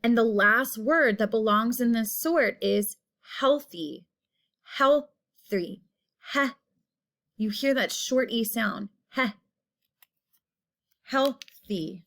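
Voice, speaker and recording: A woman teacher giving a phonics lesson, saying each word slowly and repeating it while stretching the vowel sounds. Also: fairly high pitch, fairly bright tone.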